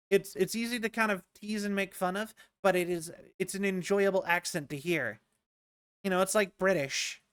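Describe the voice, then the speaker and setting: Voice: mid-range voice, a bit bright, clear, resonant tone, no room sound, studio quality. A streamer from the rural United States chatting casually and rambling while playing a game, full of "like"s and restarts. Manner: rambling, many "like"s and restarts, amused.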